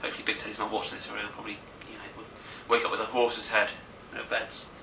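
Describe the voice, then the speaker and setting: A man's voice: lowish voice, completely flat delivery, quick pace, gravelly, sharp tone, a little hiss or hum. A man from England, co-hosting a casual chat, teasing and cutting in on his friend. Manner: teasing, interrupting, laughing. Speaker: co-host. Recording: roomy echo, mic at a distance.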